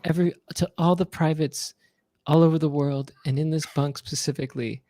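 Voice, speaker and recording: A man putting on a soft, breathy male pop star who plays a drill sergeant, talking slowly and gently. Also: on the high side, fairly even intonation, no echo, studio quality, close to an everyday voice. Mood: gentle.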